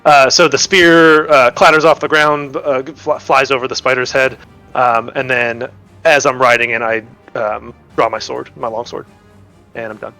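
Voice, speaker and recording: A man's voice: medium pitch, fairly even intonation, moderate pace, pushed and bright. Man, tabletop player, rambling, restarts, faint background music. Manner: rambling, restarts and laughs while narrating his character. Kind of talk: playing a tabletop game.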